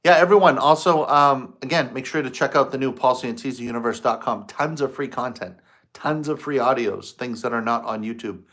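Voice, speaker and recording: A man's voice: mid-range voice, normal speed, fairly bright tone. A man hosting a spiritual livestream, greeting viewers and telling a story in a loose, conversational way. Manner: storytelling, acts out his own past quotes. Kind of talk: casual livestream chat.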